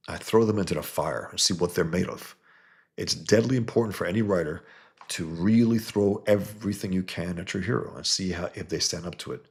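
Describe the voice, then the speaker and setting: A man, a comics creator, talking in a heated, blunt monologue and mocking other views. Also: vocal fry. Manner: heated, blunt, mocks others with sudden high put-on voices. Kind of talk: casual opinionated monologue.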